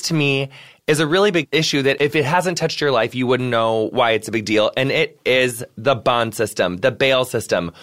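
A man's voice: mid-range voice, fairly bright tone. A man hosting a podcast in a casual, effusive, playful way, full of fillers and pet names like honey. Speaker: podcast host. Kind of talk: casual interview chat.

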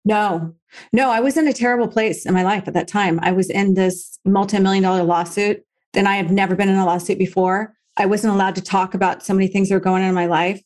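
Woman guest on a podcast, candid emotional storytelling, mid-pitched voice, acts out quotes. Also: fairly even intonation, quick pace, a little mellow. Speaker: reality TV personality guest.

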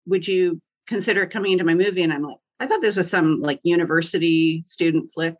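A woman, a podcast guest who tells her story in a lively, jokey way and acts out the voices of the people in it. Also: fairly low pitch, low-quality recording. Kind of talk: animated storytelling chat.

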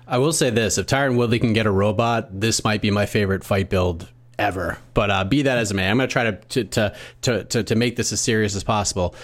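A man's voice: lowish voice, fast talker. A man hosting a podcast who steers the chat with questions and stammers now and then. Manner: moderating, poses questions, stammers. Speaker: podcast host. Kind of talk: casual chat.

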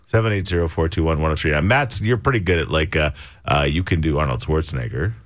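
A man's voice: extremely low pitch, quick pace, no echo, clean studio sound. A man hosting a morning radio show, chatty and easygoing in casual banter.

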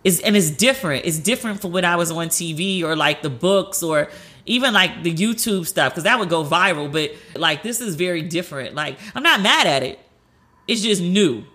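Chatty woman podcast host, bright voice, lots of likes and ums, acts out what people said. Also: on the low side, moderate pace. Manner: animated storytelling with frequent fillers and acted-out quotes. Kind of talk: casual chat.

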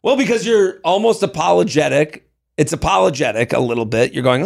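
A man in his thirties chats on a podcast with a gravelly, fry-edged voice pitched a bit high. He talks in an animated, jokey way, often restarting his sentences. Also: fairly quick. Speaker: podcast co-host. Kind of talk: casual chat.

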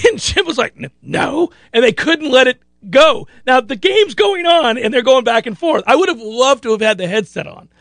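A man hosting a sports radio show, telling a story with lots of laughter and loud acted-out quotes. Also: very high-pitched, moderate pace, gravelly, few pauses, no room sound. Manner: animated, laughs often, acts out quotes loudly.

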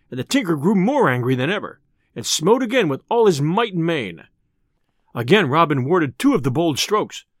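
A man narrating a storybook tale in an expressive, old-style storytelling manner. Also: a little high, dry recording, clean studio sound.

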